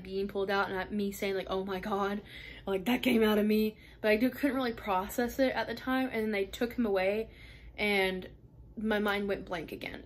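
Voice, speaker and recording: Chatty young woman vlogger. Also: medium pitch. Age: 20s. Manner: chatty, many fillers and laughing asides. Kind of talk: casual storytelling.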